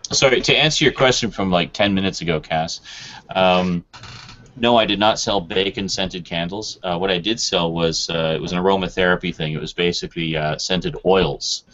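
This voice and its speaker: A man's voice: low voice, moderate pace. A man hosting a casual online chat, telling stories with lots of animation and frequent laughter. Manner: animated storyteller, laughs often. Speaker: show host. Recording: dull lo-fi online chat audio.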